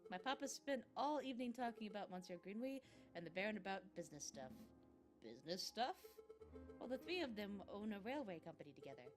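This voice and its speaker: A woman voicing a sweet, excitable young French cat woman in a game, high and bubbly. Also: brisk, faint music behind, natural voice. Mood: eager.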